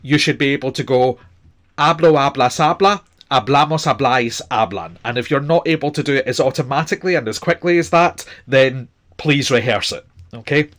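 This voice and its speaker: A man's voice: medium pitch, brisk. A man teaching a Spanish grammar lesson, explaining patiently and checking in with "okay?" as he goes. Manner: patient, repeats "okay?" often. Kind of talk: language lesson.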